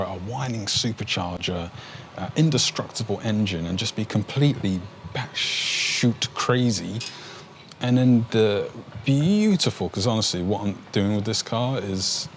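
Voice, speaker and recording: A man with a low, deep voice talks casually to his viewers, rambling from one thought to the next. He gets excitable, restarts his sentences often and swears mildly. A faint hum of noise sits behind him. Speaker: car enthusiast vlogger. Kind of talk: casual talk to camera.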